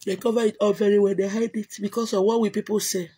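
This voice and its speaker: Nigerian lady chatting on a live stream, kinda breathy voice, loud bursts, repeats herself a lot. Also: medium pitch, little pitch movement, quick pace. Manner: emphatic, repetitive, bursts of loud exclamation. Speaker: livestream host answering comments. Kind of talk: casual chat.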